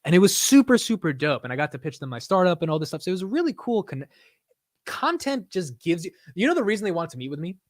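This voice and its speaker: A man's voice: high voice, very animated, fast, no room sound, studio quality. A young man hosting a casual late-night livestream, chatting in laid-back slangy banter and laughing often. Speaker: livestream host.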